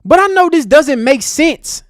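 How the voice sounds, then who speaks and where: A man delivers a heated, angry commentary rant, talking straight at the person he is answering. His pitch swings widely as he speaks, and the sound is close and dry with no room echo. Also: animated, unhurried. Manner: angry, ranting, addresses the speaker directly. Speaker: commentary host.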